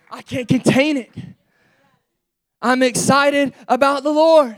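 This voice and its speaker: A man, an assistant pastor, preaching a sermon in an impassioned, shouting preacher's cadence. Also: extremely high pitch, fairly even intonation, slow pace, long pauses.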